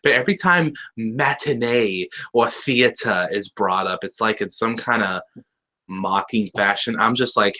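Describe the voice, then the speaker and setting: A man's voice: lowish voice, unhurried, sharp tone, poor audio. A young man on a casual review podcast, ranting animatedly and swearing as he goes. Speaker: podcast co-host reviewing a cartoon episode. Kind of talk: casual chat.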